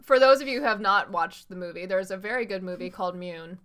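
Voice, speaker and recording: Bright-voiced woman streamer, swearing casually. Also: medium pitch, fast, clear, resonant tone. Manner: blunt, swears freely. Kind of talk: casual gameplay chat.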